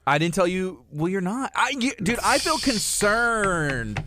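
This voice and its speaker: Here the Texas radio co-host, a man in his thirties, speaks unhurriedly in a high-pitched voice while teasing his morning-show partner in the studio. The chat is casual and climbs at times into excited emphasis. A little hiss or hum is audible.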